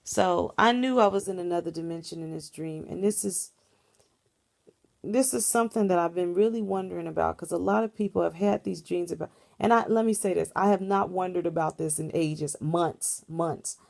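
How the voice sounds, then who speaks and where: A woman's voice: fairly low pitch, moderate pace, vocal fry, a little mellow. A woman vlogger casually recounting a dream in a rambling, earnest storytelling way.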